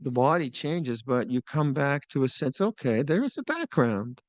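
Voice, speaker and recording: Older man giving a relaxed Dharma talk. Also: mid-range voice, moderate pace, no room sound. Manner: relaxed, musing, with small laughs and restarts. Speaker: meditation teacher. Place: retreat hall.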